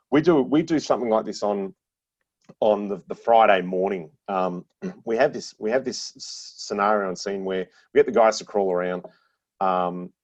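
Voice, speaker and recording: A middle-aged man talks in a somewhat low voice, telling animated stories with easy laughs and plenty of restarts. The podcast chat sounds dull and lo-fi, as if recorded on modest gear. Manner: animated storyteller with frequent laughs and repeated restarts. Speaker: podcast guest.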